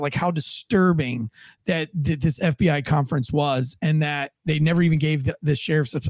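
Ex-cop guy on a podcast, kinda high voice, keeps restarting, super dry audio. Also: a little mellow, dry recording. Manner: rambling, restarts a lot, acts out quoted tones. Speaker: podcast co-host, former police officer. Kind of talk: casual podcast chat.

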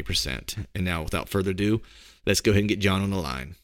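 A middle-aged man co-hosting a podcast, hoarse from a cold, chatting in a laid-back way and laughing often. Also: low-pitched, fairly quick, a bit bright, no room sound, studio quality. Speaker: podcast co-host. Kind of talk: casual podcast chat.

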